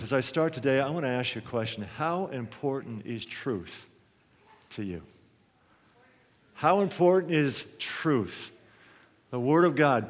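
A man preaching a sermon, telling a story and putting questions to the congregation. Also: medium pitch. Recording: long hall reverb.

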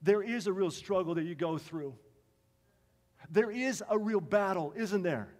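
Guy preaching in a big echoey church, high voice, emphatic then soft. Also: a little slow. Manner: passionate, emphatic, swings to soft quiet tones. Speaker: pastor. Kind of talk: sermon. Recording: long reverb of a large hall.

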